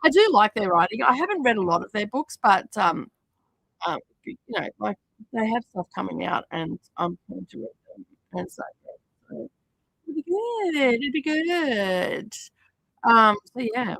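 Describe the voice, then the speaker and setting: A woman's voice: mid-range voice, expressive, moderate pace, vocal fry, fairly bright tone, husky, no room sound, rough recording. A woman hosting a crafting livestream, chatting casually and rambling with many fillers. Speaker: livestream host. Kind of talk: casual chat while crafting. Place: home craft studio.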